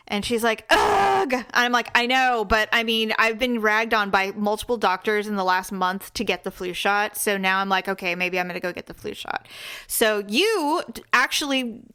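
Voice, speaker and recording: A woman co-host chatting casually on a podcast, her voice bright and fairly high. She tells stories bluntly and swears without holding back. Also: smooth. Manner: blunt, swears freely while telling stories. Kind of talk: casual chat.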